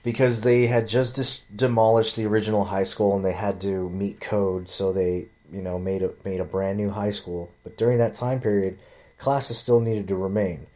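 A man's voice: on the low side, normal speed. A man casually telling a long personal story, rambling and swearing freely, acting out what others said. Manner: rambling, profane, animated quoting of others.

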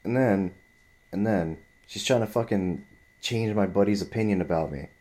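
A man's voice: fairly low pitch, normal speed, a little mellow. A man in his twenties telling a story in a heated, profane, rambling rant. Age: 20s.

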